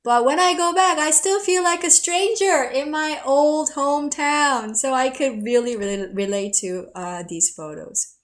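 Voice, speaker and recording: A woman lecturer from South Korea speaks in a slow, unhurried rhythm, her voice sitting a little high. She tells her stories with an easy, self-mocking warmth between points of history. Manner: warm, storytelling, laughs at herself. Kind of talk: recorded lecture with personal stories.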